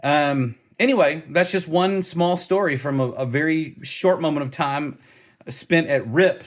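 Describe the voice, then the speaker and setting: With a slightly high voice and a somewhat slow delivery, this middle-aged man relates a memory from army training in casual vlog style. His telling is animated, broken up by laughter now and then and by frequent restarts.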